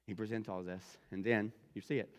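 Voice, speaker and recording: A male pastor preaching a sermon in an animated way, repeating phrases for emphasis. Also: on the low side, brisk, in a large hall.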